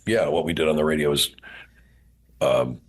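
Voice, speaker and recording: A man's voice: a bass voice, normal speed, creaky. An older man being interviewed, a radio host telling stories and breaking into character voices with laughter. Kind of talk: casual interview chat.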